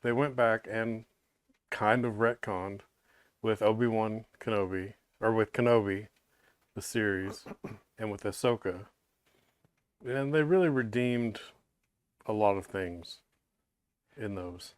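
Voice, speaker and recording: A man as a podcast host in casual chat, speaking in a measured, even-handed way. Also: on the low side, smooth, dry recording.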